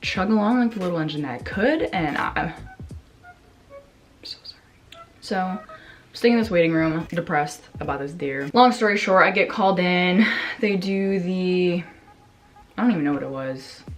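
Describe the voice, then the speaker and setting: A woman's voice: fairly low pitch, expressive, normal speed, soft background music. A young woman vlogger casually telling a story to her camera, rambling with lots of fillers, swearing and acting out her own reactions.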